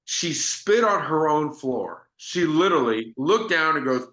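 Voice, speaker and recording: A man's voice: a little high, lively intonation, normal speed, few pauses, a bit bright, echoey room. A man giving a business sales training talk, telling stories in a conversational way with frequent restarts.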